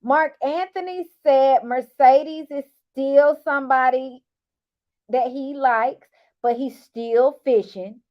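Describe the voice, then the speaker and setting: High-voiced woman, sassy recap vlogger, casual and teasing. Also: takes it slowly, lo-fi sound. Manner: sassy and animated, teasing asides. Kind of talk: casual chatty commentary.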